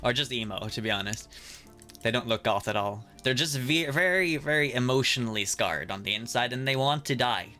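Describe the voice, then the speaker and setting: A male streamer with a bright, forceful voice reads each character's dialogue aloud as he plays. He cracks jokes and laughs often between the lines, with faint music underneath. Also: medium pitch, expressive, a little fast. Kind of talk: casual playthrough with voiced reading.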